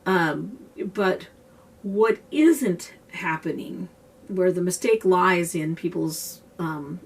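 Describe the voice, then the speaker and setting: Husky low-voiced woman, set back from the mic. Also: takes it slowly, recorded from a distance. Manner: earnest, conversational, loose with restarts. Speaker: self-described empath teaching a technique. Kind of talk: casual explanatory talk to camera.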